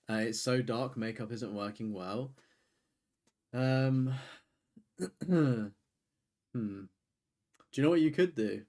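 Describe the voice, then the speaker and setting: A man, hosting a live stream and chatting casually with his viewers. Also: on the low side. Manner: rambling, chatty, reads and answers chat. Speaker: streamer host.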